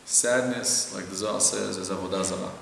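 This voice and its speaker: A man, a rabbi, giving earnest, heartfelt spiritual teaching in a synagogue, slow and emotional, acting out inner voices. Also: fairly low pitch, steady tone, vocal fry. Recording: echoey hall with faint noise.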